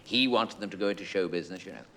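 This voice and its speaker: A man's voice: low-pitched, very fast. A man with an English accent telling a rambling comic monologue to a studio audience, digressing and chuckling as he goes. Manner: digressive, self-interrupting, chuckling. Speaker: comedian. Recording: loud background hiss, live audience laughter.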